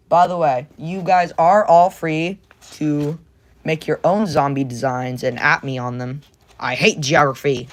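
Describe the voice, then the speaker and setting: Goofy rambling young male streamer. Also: a little high. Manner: rambling and goofy, jumps between silly voices and whispers. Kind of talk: casual livestream chat while drawing.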